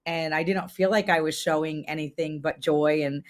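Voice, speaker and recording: A woman's voice: sits low, steady tone, moderate pace. A woman in her thirties, a farmer and former restaurant owner, telling a personal story in an earnest, conversational way, full of "like" and restarts, her voice climbing when she is moved.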